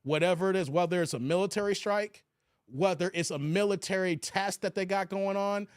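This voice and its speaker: A man's voice: high-pitched, a little fast, clear, resonant tone, dry recording, studio quality. A man hosting a live stream, talking casually, reading chat aloud and swearing freely. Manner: animated, swears, slangy. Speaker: live-stream commentary host. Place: New York area.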